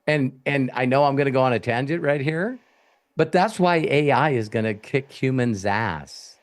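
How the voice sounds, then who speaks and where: A man's voice: medium pitch, normal speed. Blunt, profane male coach. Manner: blunt, profane, animated storytelling. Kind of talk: live Q&A coaching talk.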